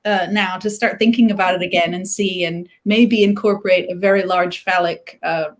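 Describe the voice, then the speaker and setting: A woman's voice: on the low side, fairly even intonation, moderate pace. A woman author chatting on a video call, laughing often and talking with many fillers and restarts. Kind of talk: casual conversation on a livestream.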